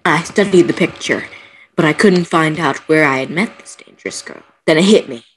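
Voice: mid-range voice, moderate pace, a bit bright, a little hiss or hum, rough recording. A person on a voice call reading a creepy story aloud through a computer mic, melodramatic and now and then breaking off. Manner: melodramatic, breaks off with gasps and giggles.

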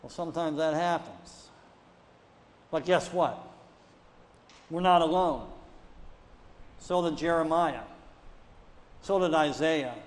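A male pastor gives a sermon in a lively preaching manner, often climbing into loud, pressing rhetorical questions. His voice sits high for a man. The sound carries the long reverb of a church sanctuary. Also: slow pace, pauses often.

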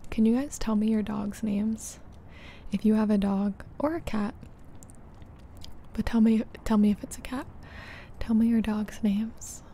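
A young woman hosting an ASMR livestream, chatting in a hushed, half-whispered voice and reading out names from the chat. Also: medium pitch, fairly even intonation, a little slow, long pauses, slight background noise.

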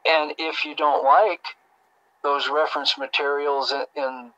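A man on a call who hesitates and restarts as he looks for an answer. His tone is bright and a bit tense, and the line is dull and lo-fi. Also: on the high side, little pitch movement, no room sound. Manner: hesitant, halting, searching for words. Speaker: Jehovah's Witness caller. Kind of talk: phone debate.

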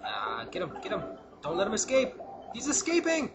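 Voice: medium pitch, wildly swooping pitch, moderate pace. A gamer giving casual let's-play commentary, muttering to themself with sudden yelps and cheers. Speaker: gameplay commentator. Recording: loud background noise.

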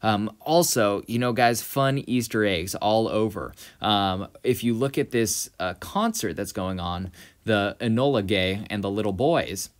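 A man's voice: lowish voice, a little slow. A man giving a close-reading lesson on a novel, thinking aloud with many fillers and talking to viewers as guys. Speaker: literature analyst.

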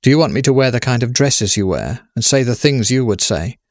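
A man voicing Death as a golden-haired young woman, speaking in a measured, solemn way with pleading questions. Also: mid-range voice, animated, a little mellow, dry recording, studio quality, voice pushed up, lightly acted.

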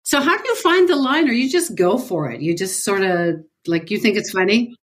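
A woman's voice: mid-range voice, expressive, moderate pace. A middle-aged woman co-hosting a podcast, chatting casually and asking curious questions. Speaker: podcast co-host. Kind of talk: casual chat.

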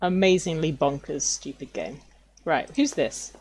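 A woman's voice: low voice, animated, a little slow, a little mellow, slight background noise. A young woman from London with a British accent, chatting expressively while live-streaming a game.

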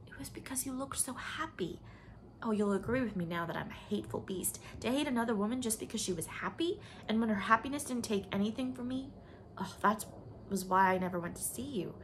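A woman voicing a troubled young woman confessing with deep feeling, sometimes sinking to a whisper. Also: fast, slight background noise, natural voice. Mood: anguished. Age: young adult. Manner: emotional, at times dropping to a whisper.

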